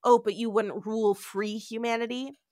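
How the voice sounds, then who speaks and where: A woman's voice: fairly high pitch, steady tone, moderate pace, mellow, dry recording, studio quality, lightly acted. A woman casually voicing a blunt male starship captain who challenges others. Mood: curt.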